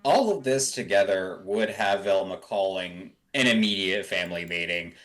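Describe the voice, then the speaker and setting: A man's voice: deep voice, moderate pace, a bit bright. A man playing in a tabletop role-playing game, talking bluntly and swearing freely. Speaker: player. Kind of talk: casual tabletop play.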